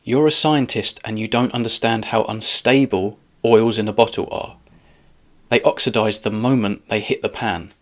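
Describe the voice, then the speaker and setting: A man with a fairly low voice speaks at a normal pace with fairly even intonation. As the host of a reaction video, he argues back at a clip in a sarcastic, combative way, delivering reaction commentary.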